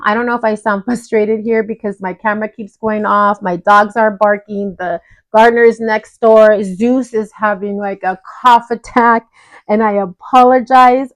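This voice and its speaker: A woman's voice: medium pitch, no echo, rough recording. A woman in a casual budgeting vlog, reviewing her own goals at home in a chatty, apologetic way with frequent restarts. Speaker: budgeting vlogger. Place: home room with dogs nearby.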